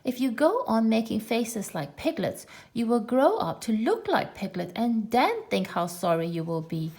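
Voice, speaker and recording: A woman's voice: a little high, big pitch swings, moderate pace, a little mellow. A woman voicing a kindly but firm mother kangaroo in a storybook reading, cheerful and soothing.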